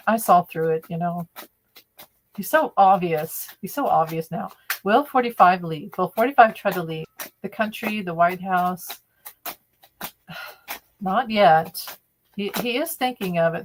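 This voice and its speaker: A woman's voice: on the low side, measured pace, slight background noise. A woman doing a live-stream tarot reading, talking in a conversational, opinionated way and often restarting her sentences. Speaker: tarot reader.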